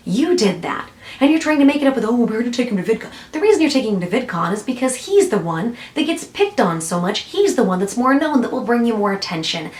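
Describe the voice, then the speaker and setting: Woman vlogger, scornful reaction commentary, middle pitch, echoey room. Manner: blunt, scornful, sarcastic.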